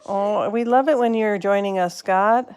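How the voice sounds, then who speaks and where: Chatty Wisconsin woman with a gravelly voice. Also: medium pitch, unhurried, darkish tone. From Wisconsin, USA. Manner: chatty, answers viewers' comments by name. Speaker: livestream host. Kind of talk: casual live-stream chat.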